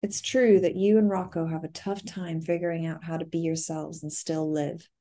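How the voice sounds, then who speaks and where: A woman's voice: sits low, level tone, moderate pace, dark tone. A woman reading the part of a tender, affectionate woman who speaks soothingly and calls her partner honey. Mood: reassuring.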